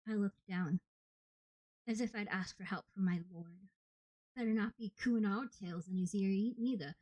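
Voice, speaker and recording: A woman narrating an audiobook in the first person with steady, plain storytelling. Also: medium pitch, normal speed, dry recording, low-quality recording. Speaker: audiobook reader.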